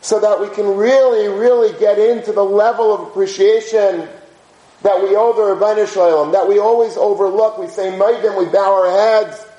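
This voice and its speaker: A man's voice: sits high, steady tone, normal speed, warm tone, highs cut off. A man teaching a conversational religious lecture, telling stories in an informal, anecdotal way and dropping in Hebrew and Yiddish terms. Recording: roomy echo.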